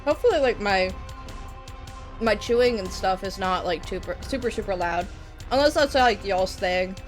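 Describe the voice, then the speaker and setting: A woman's voice: mid-range voice, expressive, moderate pace. A woman streamer chatting casually, rambling with lots of laughter and swearing. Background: metal music.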